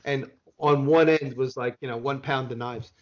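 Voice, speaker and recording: A man's voice: medium pitch, fairly even intonation, moderate pace, a crowd in the background. An American man telling a long rambling story in casual podcast chat, swearing now and then, with dull lo-fi sound. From United States. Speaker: podcast guest.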